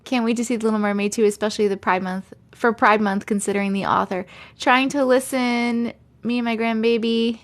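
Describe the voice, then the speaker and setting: A woman with a Long Island accent, chatting casually on a livestream and reading viewer comments, talking in a chatty, animated way full of giggles. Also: a little high, a little fast. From Long Island, New York. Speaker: livestream host.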